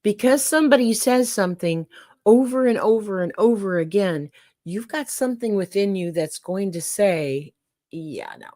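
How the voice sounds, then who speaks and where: A woman's voice: medium pitch, normal speed, mellow, no echo, studio quality. An older woman hosting a casual livestream, folksy and chatty, talking straight to her viewers. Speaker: livestream host.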